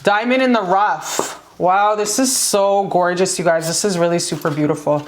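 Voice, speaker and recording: A woman's voice: on the low side, moderate pace, echoey room. A woman giving a casual pick-a-card tarot reading, gushing and profane.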